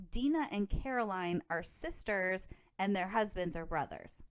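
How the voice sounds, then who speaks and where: A woman's voice: medium pitch, smooth. A woman hosting a solo podcast, chatty and gossipy, with frequent swearing and filler words. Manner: chatty, profane, gossipy, lots of "like". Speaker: podcast host.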